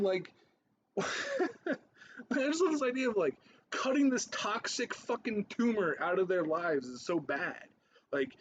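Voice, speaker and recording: A man's voice: sits high, lo-fi sound, a little hiss or hum. A man in his thirties ranting in a profane, rambling reaction commentary, repeating himself and laughing between points. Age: 30s.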